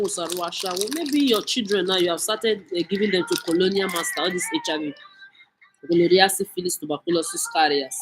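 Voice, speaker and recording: A woman's voice: lowish voice, noisy background. Nigerian woman vlogger, furious scolding rant with a lot of swearing. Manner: cursing, scolding, mixes in Pidgin. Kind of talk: angry rant monologue.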